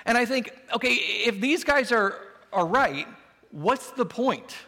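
A man's voice: very high voice, animated, takes it slowly, creaky, pushed and bright. A man preaching a sermon as pastor, conversational and humorous. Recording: long hall reverb.

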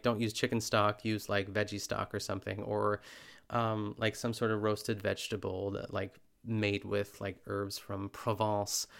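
Gravelly-voiced man hosting a chatty podcast. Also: on the low side, a bit bright. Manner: chatty, heavy use of filler words; laughs often while talking. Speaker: podcast host. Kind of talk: casual podcast recap.

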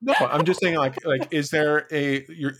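A man's voice: fairly high pitch, a little slow, a bit bright, slight background noise. A man hosting a podcast interview in casual talk, hesitant and full of fillers. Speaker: podcast host.

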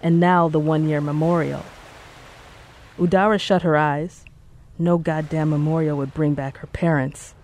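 An audiobook narrator reading a story in a measured, steady way. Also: medium pitch, a little hiss or hum. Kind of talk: scripted narration.

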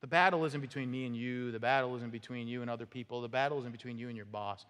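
Preaching an expository sermon in a church sanctuary, this pastor talks fast in a fairly bright, medium-pitched voice with fairly even intonation. His style is conversational and story-driven, and the recording carries long church-hall reverb.

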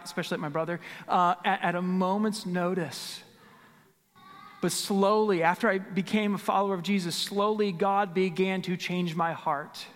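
A middle-aged man preaches with earnest conviction, his voice pitched a little high. He repeats key phrases and sometimes drops to a near whisper for emphasis. His words ring out with a long reverb, as in a church sanctuary. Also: fairly bright tone. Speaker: pastor. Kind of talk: sermon.

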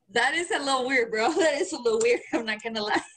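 Higher-voiced woman teasing with crude slang. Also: animated, brisk, a bit bright. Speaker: podcast co-host. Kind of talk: casual chat.

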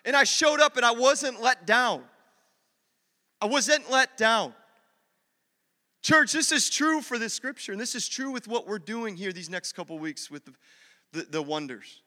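A male pastor preaching a sermon in a church, telling a story with lively acted-out dialogue. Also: very high-pitched, unhurried, pauses often, in a large hall. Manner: animated storytelling, acts out dialogue.

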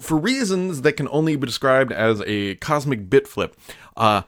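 A man's voice: medium pitch, expressive, normal speed, fairly bright tone, no echo, studio quality. A man hosting a casual solo tech news show, chatty and offhand, with frequent fillers and asides.

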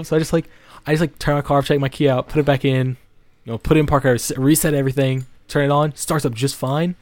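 A man's voice: mid-range voice, fairly even intonation, fast, darkish tone, no echo. A young man co-hosting a podcast, telling a story in a rambling way with lots of swearing, restarts and "like" fillers. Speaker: podcast co-host. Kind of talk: casual storytelling.

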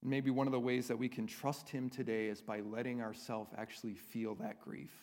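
A man's voice: medium pitch, flat delivery, fairly quick, a little mellow. A man preaching a sermon as a pastor, earnest and conversational, often checking in with the congregation. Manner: earnest, conversational preaching with frequent tag questions. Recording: long reverb of a large hall.

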